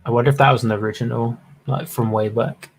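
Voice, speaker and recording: A man's voice: mid-range voice, fairly even intonation, fast talker, slight background noise. A man with a British accent co-hosting a casual livestream, chatty and asking lots of questions.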